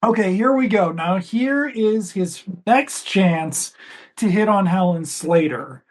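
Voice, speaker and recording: A man's voice: high voice, lively intonation, slow. A man co-hosting a casual movie commentary, rambling and chatty, swearing offhandedly. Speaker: podcast co-host.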